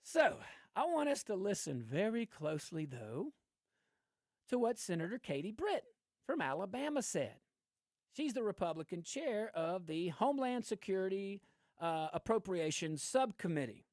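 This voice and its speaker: A man's voice: high-pitched, moderate pace, dry recording, clean studio sound. A man hosting political commentary, ranting with lots of laughs. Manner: animated, ranting, laughs often. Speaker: host.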